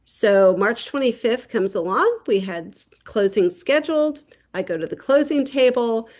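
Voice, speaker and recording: A woman real estate agent gives a casual tip to other agents. She talks in a chatty, storytelling way and slips into quick voices for the people in her story. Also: a little high, lively intonation, a little mellow. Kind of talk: casual how-to tip video.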